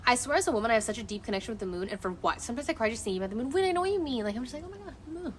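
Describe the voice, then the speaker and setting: A woman's voice: on the high side, lively intonation, racing, slight background noise. A woman streamer in casual chat outdoors at night, rambling and emotive and swearing freely as she talks into her phone. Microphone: phone camera.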